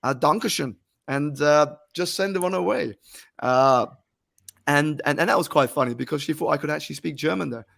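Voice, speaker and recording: A man, a motivational coach, chatting on a video call in a relaxed, measured way with lots of filler uhs. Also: fairly high pitch, gravelly. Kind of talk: casual video-call chat.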